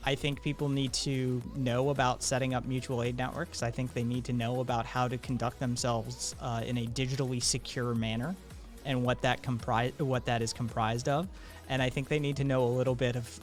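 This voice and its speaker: A man hosting a live stream, chatting casually, swearing freely and reading viewer messages aloud. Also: medium pitch. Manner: profane, animated, reads chat messages aloud. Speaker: streamer host.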